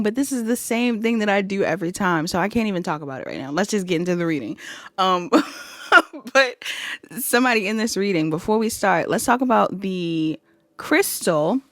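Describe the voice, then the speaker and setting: A woman's voice: mid-range voice, no room sound. A woman doing a casual pick-a-card tarot reading to her viewers, chatty and giggly, calling them y'all. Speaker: tarot reader.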